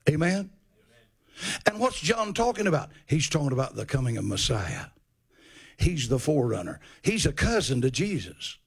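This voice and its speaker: A man's voice: medium pitch, creaky, husky. A man preaching a sermon in a folksy, storytelling way with humor.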